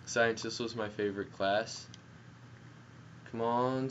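A young male gamer on a headset gives casual gameplay commentary, excitable and jokey, yelling at the game, though his medium-pitched speech is very slow with frequent pauses. The headset audio sounds dull, with faint noise.

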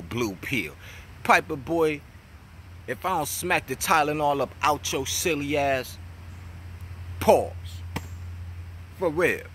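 A young man with a New York accent, delivering a mocking, profane trash-talking vlog rant about a battle rapper, jumping between loud jabs and low mutters. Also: a little hiss or hum. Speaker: battle rap commentator.

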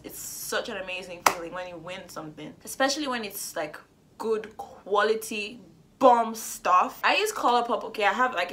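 A young woman excitedly unboxing makeup at home, gasping and gushing as she goes. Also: mid-range voice, a little hiss or hum. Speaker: beauty vlogger.

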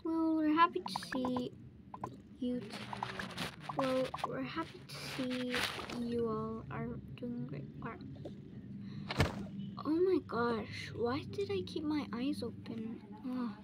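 A woman voicing a whole family in a casual role-play, full of excited exclamations and squabbling. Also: high-pitched. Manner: quick back-and-forth of excited exclamations and squabbling. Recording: noisy home recording.

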